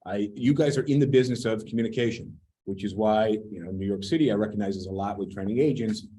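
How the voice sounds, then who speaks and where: A man's voice: on the low side, dark tone, rough recording. A man giving a casual real estate training talk, blunt and sometimes swearing as he picks apart advice. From United States.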